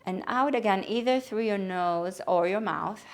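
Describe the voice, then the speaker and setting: A woman yoga teacher giving calm, gentle spoken cues for breathing and movement. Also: mid-range voice, moderate pace, a little hiss or hum. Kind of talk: guided yoga instruction.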